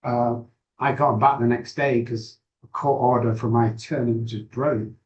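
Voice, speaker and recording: A middle-aged man speaks as an interview guest, and his voice sits at an ordinary mid pitch. He tells his story frankly and haltingly, pausing and restarting his sentences. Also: fairly even intonation, a little mellow, dull audio. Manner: candid, halting, with frequent pauses and restarts. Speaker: guest, addiction recovery expert.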